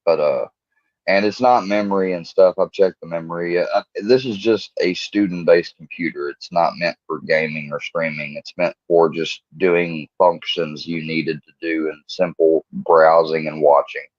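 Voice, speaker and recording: A man with a very low voice hosts a casual livestream, rambling and chatting to his viewers. The sound is dry and close, with a slightly dull, lo-fi quality. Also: fairly even intonation, moderate pace, dry recording. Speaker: livestream host.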